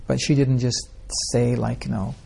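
With a warm, gravelly voice and a breathy edge, this man speaks at medium pitch and a moderate pace in a level tone. As a spiritual teacher running a casual scripture class, he rambles through stories and poses rhetorical questions to those listening.

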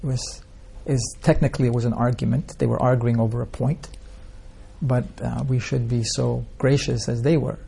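A man's voice: medium pitch, flat delivery, moderate pace, gravelly, dark tone, slightly rough. A man teaching an informal scripture class, telling stories in a rambling way and asking the listeners rhetorical questions. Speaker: spiritual teacher.

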